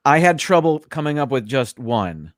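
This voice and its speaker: A man in a casual live-stream chat on a video call, retelling a film scene haltingly with many pauses and fillers. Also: mid-range voice, big pitch swings, no room sound. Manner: hesitant storytelling with many fillers.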